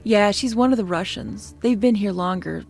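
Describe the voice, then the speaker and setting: A woman's voice: medium pitch, normal speed, creaky, darkish tone, soft background music, close to an everyday voice. A woman voicing a young woman soldier who explains things in a casual, matter-of-fact way.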